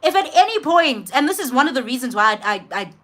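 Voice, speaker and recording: A young woman with a South African accent recounts a hard personal story straight to camera. Her voice is bright and forceful, and her delivery is expressive and emphatic. She leans on repeated phrases to drive her points home. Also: high-pitched, fast. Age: young adult. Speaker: vlogger.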